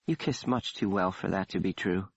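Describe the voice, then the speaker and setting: Man reading as a teasing young woman, low-voiced, audiobook. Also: moderate pace, gravelly, slightly rough, no echo, highs cut off, exaggerated voice.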